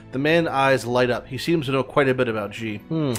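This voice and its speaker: A man's voice: mid-range voice, brisk, soft background music. A man casually commenting while playing a text game, joking, swearing and reading the game's text aloud. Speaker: game streamer.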